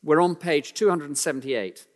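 A man preaching a sermon, speaking emphatically and slowing down to read scripture aloud, in a church. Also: fairly high pitch. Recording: long hall reverb.

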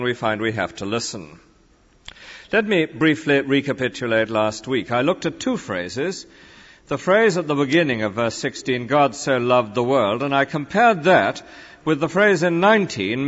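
A man preaching a sermon in a measured, emphatic, lecturing way. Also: on the high side. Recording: dull lo-fi recording with long reverb.

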